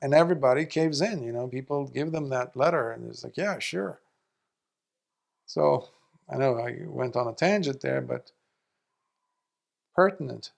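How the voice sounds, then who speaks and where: A man's voice: normal speed, gravelly. A man, a Buddhist monk, giving a storytelling Dharma talk and acting out the people in the tale. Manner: animated storyteller, acting out quoted speakers with big jumps in pitch and loudness.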